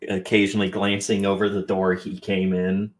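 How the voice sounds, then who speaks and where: Low-voiced, hesitant man at a game table. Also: completely flat delivery, normal speed. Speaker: player. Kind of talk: tabletop role-play narration.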